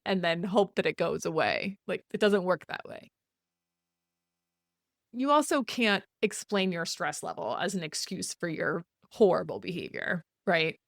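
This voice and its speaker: A woman's voice: mid-range voice, lively intonation, moderate pace, gravelly, dry recording, studio quality. A woman hosting a podcast, talking frankly in a casual advice monologue, often laughing and acting out example apologies in quotes. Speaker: podcast host.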